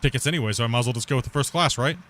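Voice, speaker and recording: A man in the middle of a relaxed gaming session, talking off the cuff at an everyday middle pitch. He rambles, circles back on his own words and breaks into laughs as he goes. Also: rapid-fire, a little hiss or hum. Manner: rambling, repeats himself, laughs easily. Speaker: gaming streamer. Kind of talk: casual chat while playing.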